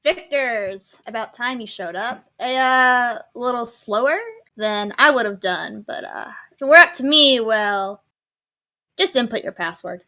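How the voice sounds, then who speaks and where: A woman's voice: on the high side, unhurried, sharp tone. A woman voicing a mysterious, smug robotic voice that calls down from above in a tabletop game. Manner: smug, teasing.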